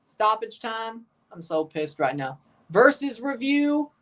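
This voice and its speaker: A man streaming his live reaction to a football match, swinging between muttered grumbling and loud, exasperated shouts. He sits a little back from the microphone, so his voice comes across slightly distant. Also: very high voice, takes it slowly. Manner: excitable, exasperated, bursts into shouts. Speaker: watchalong streamer.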